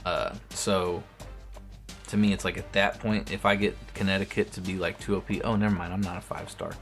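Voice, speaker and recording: A young man with a deep, low voice talks his way through a football video game, thinking aloud, cursing and breaking off mid-sentence. Faint music plays quietly behind him. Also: steady tone, a little fast. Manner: talks to himself while playing, swears often, restarts sentences. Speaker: streamer. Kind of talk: casual gameplay commentary.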